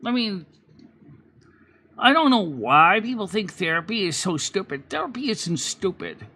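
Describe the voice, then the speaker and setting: A man with a high, bright and ringing voice talks straight to his channel in a casual monologue. He rants with plenty of swearing, jumps into the voices of the people in his stories, and swings between loud outbursts and quiet, earnest stretches. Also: very animated, measured pace. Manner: heated, profane ranting that flips into quoted voices. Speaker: channel host. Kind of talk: casual talking-head monologue.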